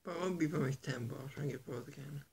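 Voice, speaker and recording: A man vlogging to his viewers in an earnest, halting, soft-spoken way, with a gravelly, husky voice. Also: on the high side, a little hiss or hum. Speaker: YouTuber. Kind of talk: casual vlog to camera.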